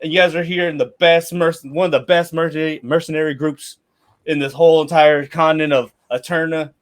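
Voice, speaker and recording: Man playing a crude, swaggering mercenary captain, middle-aged, slightly high voice. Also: fairly even intonation, normal speed, close to an everyday voice. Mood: boisterous. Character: gruff middle-aged male mercenary leader, brash.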